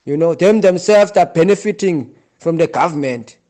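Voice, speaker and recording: Insistent South African man, high and mellow. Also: animated, normal speed. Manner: repetitive, insistent, often addresses the listener as "Bafo". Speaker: Rasta community member. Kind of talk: impassioned monologue.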